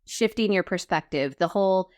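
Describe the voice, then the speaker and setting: A woman's voice: medium pitch, moderate pace. A woman hosting a podcast interview. She stresses her points firmly by repeating them. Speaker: podcast host. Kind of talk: conversational interview.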